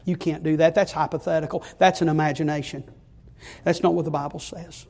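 High-voiced fervent preacher. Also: male voice, fairly even intonation, brisk. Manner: fervent, rising to loud repeated climaxes. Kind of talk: sermon.

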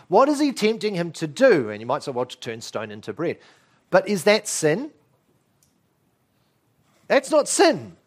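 A man preaches an expository sermon with a lively voice that swings widely in pitch. He asks rhetorical questions and leans hard on key words. His voice sits a touch higher than most men's.

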